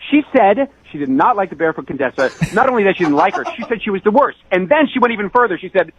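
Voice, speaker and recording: A man calling in to a radio show on the phone, getting worked up and indignant. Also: high voice. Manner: indignant, worked up, quick and animated. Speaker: caller on a radio phone segment. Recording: muffled phone line.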